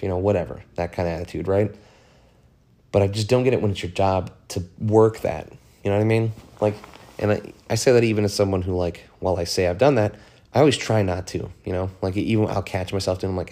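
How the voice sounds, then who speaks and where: A man's voice: deep voice, steady tone, brisk, mellow. A man hosting a podcast on his own, talking frankly in a rambling, profane way, full of fillers. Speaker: podcast host. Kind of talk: casual solo monologue.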